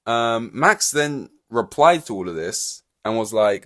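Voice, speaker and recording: A man hosting a solo podcast, talking in a rambling, animated way full of fillers and restarts. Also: medium pitch, measured pace. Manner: rambling and animated, many fillers and restarts, laughs between points. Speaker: podcast host. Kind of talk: solo casual podcast commentary.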